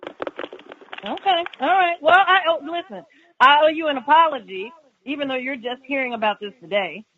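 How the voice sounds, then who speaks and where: A woman with a slightly high voice chats as a podcast guest, playful and theatrical as she pokes fun at herself. Her sound comes through a bit dull and lo-fi. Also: normal speed. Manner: playful, mock-dramatic, laughing at herself. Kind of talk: casual chat.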